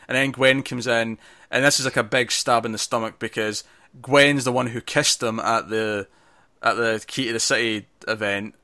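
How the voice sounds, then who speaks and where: Guy co-hosting a movie chat, bright voice, excited, trips over his words. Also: medium pitch. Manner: animated, jumps in often, stumbles and restarts. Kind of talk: casual film discussion.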